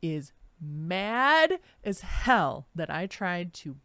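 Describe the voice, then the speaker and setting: Woman, co-host, lively up-and-down voice, dry close sound, chatty storytelling. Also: on the low side, very slow, dry recording. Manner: animated, acts out quotes, laughs often. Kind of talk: casual chat, storytelling.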